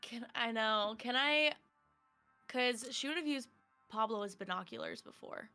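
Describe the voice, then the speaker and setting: Chatty woman player at a tabletop game, bright sharp voice. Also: on the high side, lively intonation, unhurried, smooth, soft background music. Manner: eager, chatty, asks lots of questions. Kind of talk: casual tabletop game chat.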